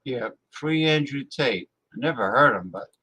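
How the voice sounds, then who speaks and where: A man's voice: mid-range voice, animated, moderate pace, bright, forceful tone, breathy edge. A man hosting a live-stream talk show, ranting bluntly and scornfully as he reacts to his viewers' chat.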